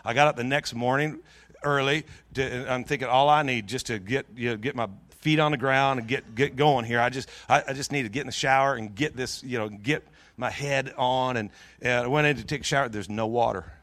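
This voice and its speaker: A middle-aged man preaching in a church, telling a long personal story in a jokey, lively way with many restarts. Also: medium pitch, fairly quick, no room sound. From Pacific Northwest of the US. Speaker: pastor. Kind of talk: storytelling sermon.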